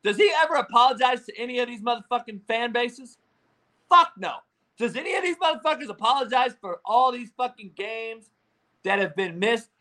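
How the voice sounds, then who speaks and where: A man ranting in profane, combative sports talk, with shouting bursts. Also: extremely high pitch, animated, a little fast. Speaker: sports commentator.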